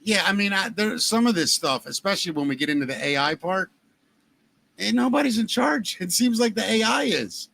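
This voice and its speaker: Here is a middle-aged podcast host with a Baltimore accent, his voice bright and forceful and sitting a little high for a man. He chats casually and tells his stories in a joking, animated way. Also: a little fast, vocal fry. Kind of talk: casual chat.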